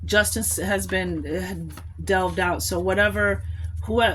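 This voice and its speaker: A woman's voice: fairly low pitch, fairly even intonation, a little slow, a bit bright. A woman giving a collective tarot reading, musing aloud and rambling, with small laughs between thoughts. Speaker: tarot card reader.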